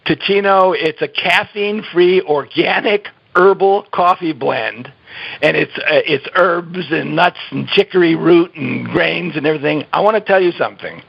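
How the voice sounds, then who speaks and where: Talking about health habits as an interview guest, a man gives advice in a voice that's high, gravelly and slightly rough, at a moderate pace. He stays earnest and emphatic, laughing a lot and restarting sentences, in a conversational exchange recorded in dull lo-fi audio.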